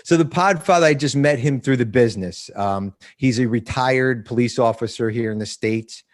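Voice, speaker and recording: A man's voice: mid-range voice, normal speed. Blunt, profane man in his fifties. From New Jersey. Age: 50s. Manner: blunt and profane, with frequent laughs. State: emotional. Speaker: podcast guest. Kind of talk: casual recovery interview.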